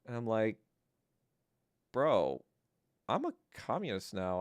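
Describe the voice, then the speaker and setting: A middle-aged male podcast host with a lowish voice speaks slowly in a profane, mocking monologue, telling stories and ranting with animated storytelling. There is no echo.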